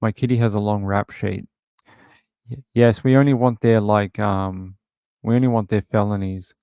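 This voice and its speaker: Low gravelly man hosting a livestream. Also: fairly even intonation, normal speed, mellow, no room sound. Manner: chatty, rambling, full of filler words. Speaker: livestream host. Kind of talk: casual chat reading viewer comments.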